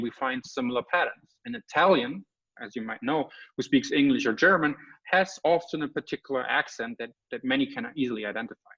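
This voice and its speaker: A man's voice: mid-range voice, a bit bright, slightly rough. A man giving an academic lecture as a guest speaker. He explains step by step and often checks in with "right?" or "okay?". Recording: slightly muffled lecture audio.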